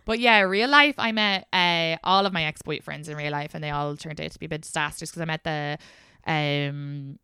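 A young woman with an Irish accent, hosting a podcast in a casual chat. Her voice is smooth and clear, and it is recorded close and dry. She tells lively stories, laughs easily and swears without a second thought. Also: low-pitched, moderate pace, no room sound. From Ireland. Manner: lively storyteller, laughs often, swears freely. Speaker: podcast host.

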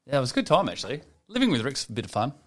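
A young man co-hosting a podcast, telling animated stories and swearing freely. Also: mid-range voice, very fast. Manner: swears a lot, animated storytelling. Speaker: podcast co-host. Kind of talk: casual podcast chat.

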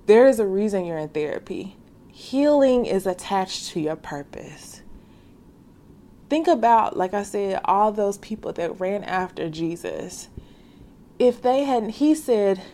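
A woman's voice: lowish voice, darkish tone. A young woman hosting a faith podcast, speaking earnestly and casually to her listeners and calling them sis. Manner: casual slangy speech. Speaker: podcast host.

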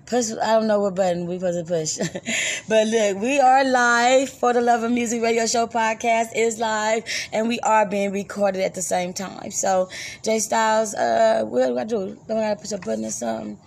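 A woman's voice: on the high side, steady tone, normal speed, vocal fry. A woman hosting a live music podcast in loose, chatty talk, laughing easily. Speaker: radio podcast host. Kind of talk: casual live show chat.

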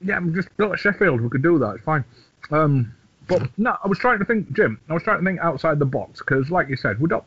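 A man's voice: on the high side, lively intonation, fairly quick, fairly bright tone, breathy edge. A man co-hosting a podcast, chatting casually in a rambling, sweary, self-mocking way. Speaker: podcast co-host. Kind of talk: casual chat. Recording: dull lo-fi audio.

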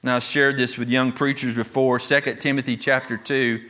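A man's voice: medium pitch, little pitch movement, moderate pace, bright, forceful tone. A pastor preaching an earnest, emphatic sermon, restarting phrases as he goes.

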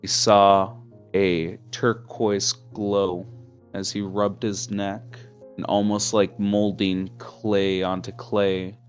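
A man with a lowish voice narrating a tabletop game as game master. He wanders through his lines with plenty of fillers and corrects himself as he goes. Soft music plays underneath. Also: little pitch movement, takes it slowly. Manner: rambling with fillers and self-corrections.

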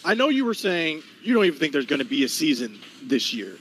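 A man's voice: fairly high pitch, big pitch swings, brisk, fairly bright tone, a little hiss or hum, low-quality recording. A man hosting a live-stream interview, hyped and talking straight to the chat. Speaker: host.

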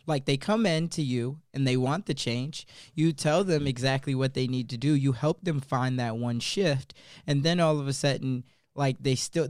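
A male podcast host with a mid-pitched, smooth, resonant voice. He talks casually into a close microphone, and the sound is dry with no room around it. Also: darkish tone, no room sound. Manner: casual, conversational. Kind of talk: podcast interview and read ad.

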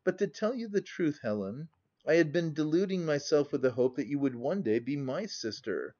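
A man reading an audiobook, voicing a timid, gentle young woman with a raised, pleading voice. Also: a little high, lively intonation, normal speed, dull audio.

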